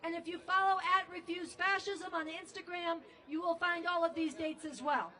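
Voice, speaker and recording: High, bright-voiced woman organizing a rally. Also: fairly even intonation, distant mic. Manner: brisk, announcing dates and introducing acts. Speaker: protest organizer. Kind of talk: rally speech. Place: outdoor protest rally.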